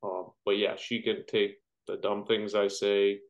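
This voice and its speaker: A man in his thirties, a firefighter, guesting on a podcast and telling jokey, animated stories full of acted-out quotes. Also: fairly low pitch, a little slow, muffled recording. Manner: joking, animated storyteller who acts out quotes. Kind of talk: casual interview chat.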